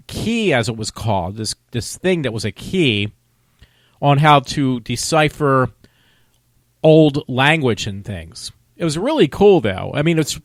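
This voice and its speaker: A man's voice: medium pitch, no echo, clean studio sound. A man vlogging a casual movie review, talking in a rambling, loose, conversational way.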